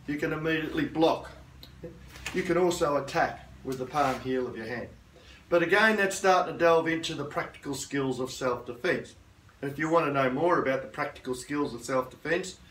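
A man's voice: on the high side, fairly bright tone, a little hiss or hum. A middle-aged man teaching a self-defence lesson as a karate instructor, firm and assertive, often checking in with "okay?". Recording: roomy sound from a distant mic.

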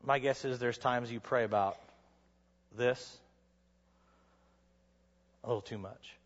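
A man preaching a sermon to college students, telling stories dramatically and sometimes rising to a shout. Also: medium pitch, steady tone, slow. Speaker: chapel speaker. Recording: dull sound with long hall reverb.

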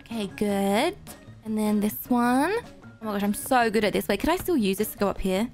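A woman narrating her own gameplay in an animated way, gasping and squealing at surprises. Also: mid-range voice, a little fast. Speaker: gaming video creator. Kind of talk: playing an obby game and narrating. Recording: faint background game music.

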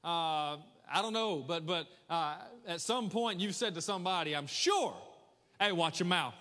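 A man preaching a lively, conversational sermon as a pastor, talking straight to his congregation. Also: on the high side, normal speed. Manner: energetic, conversational preaching with audience call-outs. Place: large church hall. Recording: echoey church hall with long reverb.

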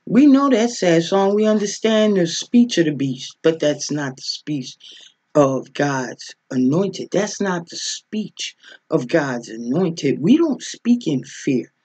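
A woman preaching a spiritual teaching with a husky, breathy voice. She speaks slowly and deliberately, her pitch swinging widely as she presses her listeners with repeated rhetorical questions and a frequent "okay?". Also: lively intonation, dark tone. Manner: emphatic, asks rhetorical questions, often says "okay?".

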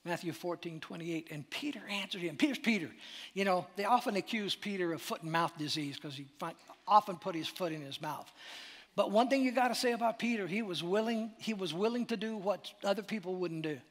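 A man preaching with a high, bright voice that swings between loud exclamations and hushed near-whispers. His sermon is dramatic and animated, and a long hall reverb hangs behind every line. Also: a little fast. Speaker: pastor.

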